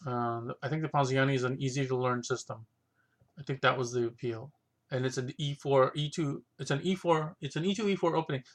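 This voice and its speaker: A man with a bright, forward voice talks casually and unscripted. He thinks aloud as he goes, circling back and restarting his sentences. His pitch sits in an ordinary middle range. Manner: thinking aloud, rambling with many restarts and fillers. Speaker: vlogger reviewing his chess books.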